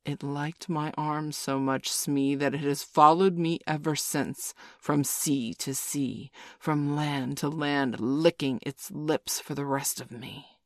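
A woman voicing a brooding, slow-spoken pirate captain. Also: sits low, fairly even intonation, no room sound, clean studio sound. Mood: menacing. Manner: slow, dark, theatrical growl. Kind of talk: storybook reading.

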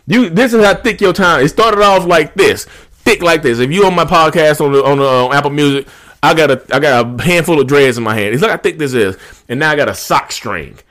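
Animated man ranting, lively pitch. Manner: animated, repetitive, emphatic. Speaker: channel host. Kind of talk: ranting monologue to camera.

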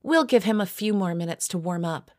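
A woman's voice: lowish voice, fairly quick, darkish tone, no room sound, clean studio sound, voice pushed up, natural voice. A woman voicing a taunting young sorority sister who teases and giggles, in an audio story. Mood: mocking. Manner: teasing, giggly.

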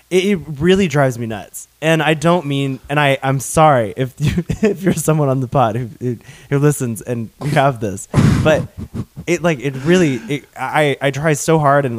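A man's voice: medium pitch, no echo. Casting: young Southern man, talkative podcast co-host, dry close sound. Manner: chatty, laughs often, many restarts. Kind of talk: casual chat.

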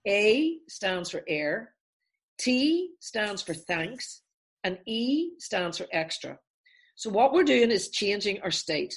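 A woman therapist, a guest on a podcast, explaining a calming technique step by step and acting out everyday examples in different voices. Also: mid-range voice, takes it slowly. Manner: animated, acts out examples in voices.

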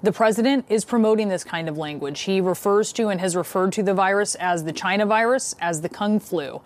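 A woman news anchor in a measured, formal delivery, introducing a story and a guest. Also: medium pitch. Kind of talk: TV news reading and interview.

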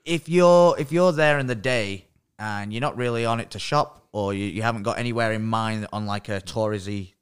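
A man's voice: mid-range voice, normal speed, clean tone. A man, co-hosting a podcast, telling stories in casual chat, swearing freely and laughing as he goes. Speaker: podcast co-host.

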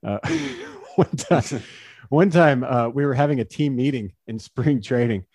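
A man's voice: medium pitch, sing-song, a little slow, darkish tone, breathy edge, dry recording, studio quality. Chatty laughing man telling stories. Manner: chatty, laughs often, many fillers. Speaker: guest, former pro baseball pitcher. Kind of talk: casual storytelling in an interview.

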